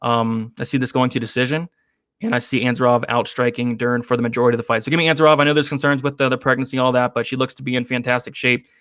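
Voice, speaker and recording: A man's voice: medium pitch, quick pace, no echo. Guy on a betting stream just chatting picks, dry close sound, pretty laid back. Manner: relaxed, chatty, with frequent fillers and laughs. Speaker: host of an MMA betting show. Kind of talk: casual live-stream chat reading viewer comments.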